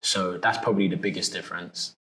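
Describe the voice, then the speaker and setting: Low-voiced London man, relaxed interview talk. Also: brisk. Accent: London English. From London, England. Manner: relaxed, many fillers and restarts. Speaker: actor, interview guest. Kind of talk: casual interview chat. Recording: echoey room.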